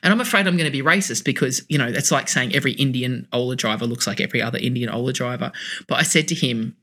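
A man's voice: mid-range voice, pushed and bright, husky. A man co-hosting a podcast, telling bawdy stories with lots of swearing and laughter. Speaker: podcast co-host. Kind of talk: casual podcast chat.

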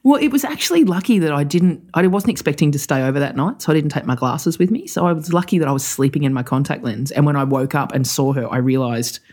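A young adult telling a story in casual chat, animated and full of swearing. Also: medium pitch, fast, hardly any pauses. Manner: animated, profane storytelling with laughter.

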